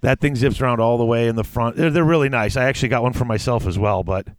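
A man's voice: medium pitch, fast, no room sound, studio quality. A man hosting a podcast, chatting casually with a co-host and rambling through his thoughts with many restarts. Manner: rambling, with frequent restarts and trailing off. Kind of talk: casual chat.

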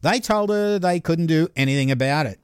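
An Australian man narrates a true-crime story as a podcast host, in a fairly high, chatty voice. He slips in laughing asides as he goes, and the recording is close and dry, with no room sound. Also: brisk, clear, resonant tone, dry recording.

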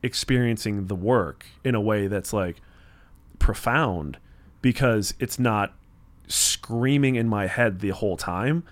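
A man's voice: on the low side, slow pace. A man co-hosting a podcast in casual conversation, rambling and acting out his own inner voice, with some swearing. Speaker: podcast co-host.

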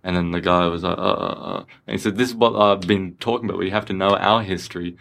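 A man's voice: low-pitched, fairly even intonation, fast talker, creaky, a bit bright, a little hiss or hum. An Australian man co-hosting a podcast, chatting casually and rambling with lots of restarts. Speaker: podcast co-host. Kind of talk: casual chat.

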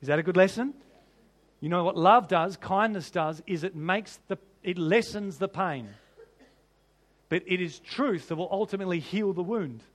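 A man's voice: high voice, moderate pace. A man preaching a sermon as pastor, conversational, with rhetorical questions to the congregation.

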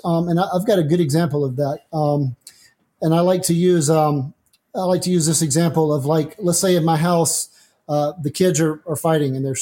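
Mellow-voiced man thinking aloud. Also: a little high. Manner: thinks aloud with homespun examples. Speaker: atheist guest. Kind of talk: conversational discussion.

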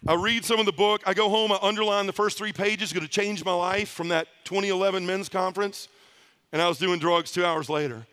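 Animated high-voiced middle-aged storyteller man. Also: brisk, clean tone. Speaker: conference speaker. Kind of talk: storytelling testimony talk.

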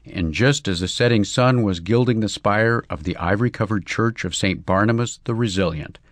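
A man narrating a comic story in a measured, wry reading. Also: fairly low pitch, dry recording.

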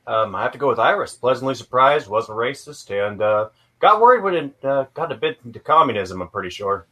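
A man's voice: medium pitch, brisk, bright, forceful tone. A man playing a tabletop game, speaking in a dry, matter-of-fact way. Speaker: player. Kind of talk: tabletop game role-play.

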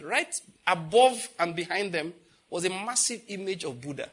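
A man preaching a sermon emphatically, asking the congregation questions and swinging from loud declarations to quiet intensity. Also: sits high, animated, moderate pace, breathy edge. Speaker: pastor.

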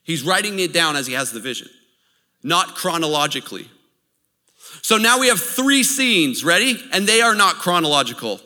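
A man preaching a sermon as a pastor. He tells stories in a lively way and keeps checking in with his listeners. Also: fairly high pitch, moderate pace. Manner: lively storytelling, checks in with the audience. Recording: long hall reverb.

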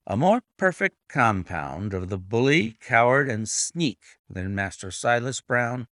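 A man voicing a calm, clever detective with a measured, composed manner in a read-aloud story. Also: medium pitch, no echo, clean studio sound. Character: calm, clever male detective, cool and assured.

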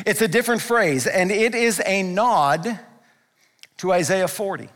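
A man delivers a sermon in a notably high voice, pressing his points with emphasis. He moves between quiet, hushed passages and loud, driving ones. His words hang in the long reverb of a large hall. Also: measured pace. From Canada. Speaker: pastor.

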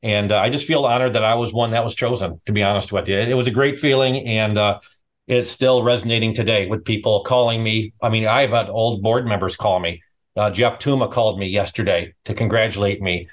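A man's voice: fairly low pitch, a little fast. Middle-aged male guest, chatty storyteller, repeats himself, dull lo-fi mic. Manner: animated, rambling, repeats words. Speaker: award-winning restaurant owner, guest. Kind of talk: casual storytelling. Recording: dull lo-fi sound.

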